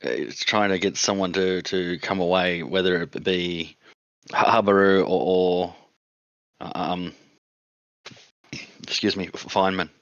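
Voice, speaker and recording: A man playing a tabletop game, describing his character's actions in a halting way with many restarts. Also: low-pitched, fairly even intonation, a bit bright, clean tone, no echo. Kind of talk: in-character play and casual chat. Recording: dull lo-fi mic, dry.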